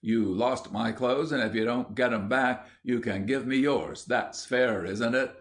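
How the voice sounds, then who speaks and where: A man's voice: medium pitch, measured pace, lightly acted. A man reading an audiobook, voicing a stern, sarcastic schoolboy who is easily indignant. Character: indignant, scheming schoolboy hero.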